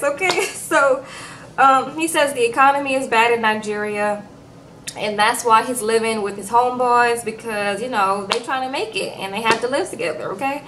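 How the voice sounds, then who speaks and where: A woman's voice: fairly high pitch, moderate pace, a bit bright, a little hiss or hum, low-quality recording. A woman giving a casual, chatty recap of a reality show, talking straight to her viewers with lots of fillers. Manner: chatty, addresses viewers directly with frequent fillers.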